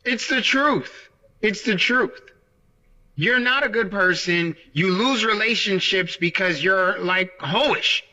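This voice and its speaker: A man's voice: sits high, slow pace, bright, forceful tone, muffled recording. A man talking casually in a vlog, repeating his points and tagging lines with "right?". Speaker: vlogger. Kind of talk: casual monologue to camera. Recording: roomy echo.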